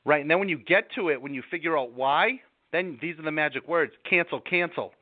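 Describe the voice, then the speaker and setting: A man gives self-help advice in a relaxed live interview. He is animated and acts out angry outbursts to make his point. The sound is tinny and phone-like, with a dry, close feel. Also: on the high side, brisk, no echo.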